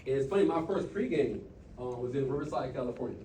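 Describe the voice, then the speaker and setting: A man telling stories and coaching his team in an impromptu motivational talk, animated, with quick bursts and trailing asides. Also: medium pitch, distant mic, slight background noise. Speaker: speaker at a team meeting.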